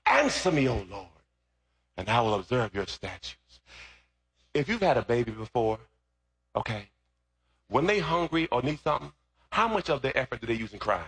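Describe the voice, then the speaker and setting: A man preaching a sermon as pastor, shifting from easy storytelling into loud, shouted preaching. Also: medium pitch, animated, moderate pace, pauses often, husky.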